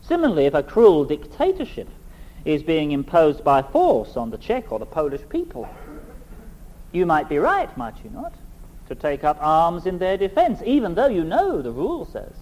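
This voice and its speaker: A middle-aged man preaching a sermon, reading scripture and then speaking in a measured, emphatic, rhetorical way. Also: fairly high pitch, huge pitch swings, a little mellow, low-quality recording.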